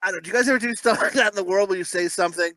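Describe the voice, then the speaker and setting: A man's voice: high-pitched, very fast, sharp tone, dry recording, poor audio. A man in his thirties co-hosting a podcast, telling crude stories in a rambling way, full of fillers. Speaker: podcast co-host. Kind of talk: casual podcast banter.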